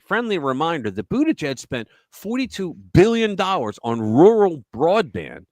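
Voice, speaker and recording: Animated, sarcastic male live-stream host. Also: on the high side, moderate pace, hardly any pauses, no echo. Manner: animated and sarcastic, mocking voices. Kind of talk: casual political commentary live stream.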